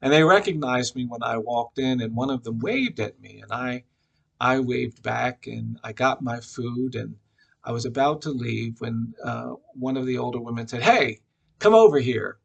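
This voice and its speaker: A man giving a reflective personal tribute at a memorial, telling a story with frequent pauses and fillers. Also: medium pitch, vocal fry, fairly bright tone, muffled recording. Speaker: memorial speaker.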